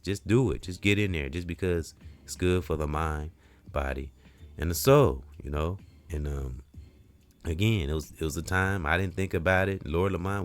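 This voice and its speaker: Very deep-voiced man giving a spiritual pep talk. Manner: rambling, preacherly, repeats phrases, swings between quiet and loud emphasis; casual slang like "real talk". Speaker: podcast host.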